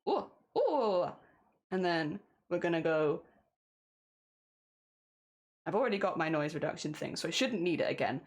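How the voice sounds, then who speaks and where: A woman's voice: on the low side, big pitch swings, unhurried, pauses often. A woman streaming as she records and edits a song cover, chatting casually, laughing at herself and talking through each step. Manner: giggly and self-deprecating, narrating each editing step. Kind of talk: casual livestream chat while editing audio.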